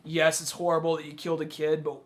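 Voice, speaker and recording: A man co-hosting a casual film podcast, retelling scenes with animated energy. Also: a little high, fast. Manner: retells scenes animatedly, acting out quoted lines. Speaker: podcast co-host. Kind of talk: casual chat about films.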